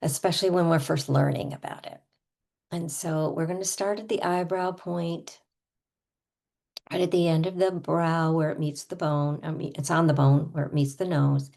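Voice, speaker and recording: A woman coaching a guided tapping lesson, calmly naming tapping points and voicing frustrated phrases for listeners to repeat. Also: sits low, moderate pace, vocal fry. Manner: calm instructional, with acted frustrated tapping phrases.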